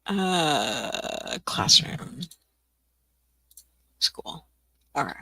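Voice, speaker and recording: Talking herself through her clicks, a young adult teacher-resource creator hosts a casual live-stream tutorial, chatty and laughing often as she jokes at her own expense. Her low, bright, gravelly voice has lively intonation and moves very slowly. The close, dry sound has no room echo.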